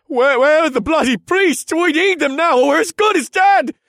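A man voicing a panicked young male guard who shouts frantically in an audiobook. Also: very high voice, moderate pace, dry recording, studio quality, pitched above the performer's own voice.

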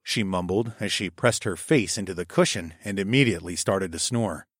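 A man narrating a first-person story in a steady, even reading voice on a close mic. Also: low voice, moderate pace, no room sound. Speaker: audiobook narrator.

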